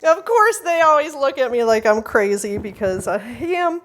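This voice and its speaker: A woman gives a conference talk with a voice that rings bright and clear and sits a touch high. Her delivery is chatty and heartfelt, full of little fillers and easy laughs. She sounds like a school founder speaking from the heart. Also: lively intonation, normal speed. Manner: heartfelt, emotional in places.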